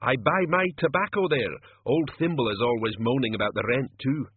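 A man's voice: mid-range voice, fairly quick, breathy edge, no echo, lightly acted. A man voicing a practical, matter-of-fact thief, on a tinny, phone-like recording. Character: practical, gruff male thief. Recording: tinny phone-like dry audio.

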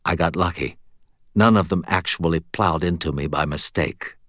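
A male audiobook narrator with a very low voice, reading first-person fiction in a wry, steady way. The recording is dry and close, with no room sound around it. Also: moderate pace, no echo.

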